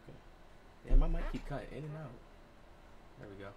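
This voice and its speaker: A young man streams a basketball video game from his home setup and keeps up a loose running commentary. He trash-talks opponents and chats with viewers in easy street slang, at a medium pitch. A faint hiss sits under his voice. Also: animated, brisk. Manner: loose slangy trash talk to teammates and chat. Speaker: live-streaming gamer. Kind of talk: casual live game commentary.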